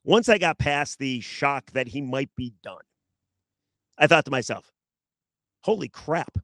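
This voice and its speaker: Chatty sports podcast host, dry sound. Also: male voice, mid-range voice, lively intonation, unhurried, fairly bright tone, dry recording. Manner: chatty, joking asides, repeats himself for emphasis. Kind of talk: solo sports podcast monologue.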